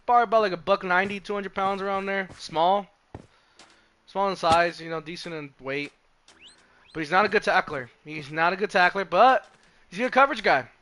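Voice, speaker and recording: A young man talks on a live stream in a loose, profane ramble that keeps cutting itself off and restarting. His voice sits a little high and comes across bright and forceful. There is a faint noise under the recording. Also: a little fast. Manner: profane, rambling, self-interrupting. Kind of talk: casual live-stream chat about football.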